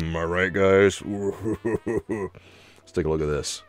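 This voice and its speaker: Low-voiced man chatting over a game. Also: slow. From United States. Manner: chatty, joking with viewers. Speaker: let's play host. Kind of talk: casual gameplay commentary.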